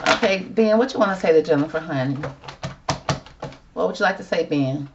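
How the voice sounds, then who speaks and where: Sassy woman reading tarot cards, low voice, kinda dull lo-fi sound, talks to the viewers like her girls. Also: animated, brisk, pauses often, noisy background. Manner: chatty, sassy, addresses viewers as girl and y'all. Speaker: tarot reader. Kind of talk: casual tarot reading monologue.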